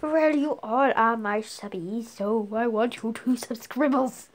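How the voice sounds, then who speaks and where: Hosting her channel with a giggly, playful manner, a young woman keeps restarting and laughing at her own slip-ups in casual vlog chatter. She speaks unhurriedly in a fairly high voice, with background noise present.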